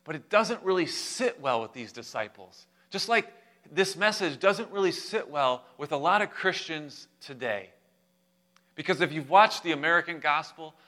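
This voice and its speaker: A young adult man preaching a sermon as pastor, animated and humorous, speaking directly to his congregation. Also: a little high.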